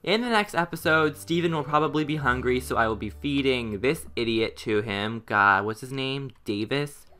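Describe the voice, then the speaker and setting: Bright, crisp-voiced man griping over a game. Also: medium pitch, moderate pace, hardly any pauses. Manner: exasperated, sarcastic running commentary. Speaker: gaming channel host. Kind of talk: let's play commentary.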